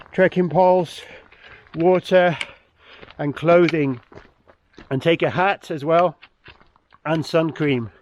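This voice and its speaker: A man's voice: fairly high pitch, darkish tone, slight background noise. A man vlogging hiking tips outdoors on a mountain trail, slightly out of breath, giving plain practical advice and repeating his main points. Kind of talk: outdoor vlog with tips to camera.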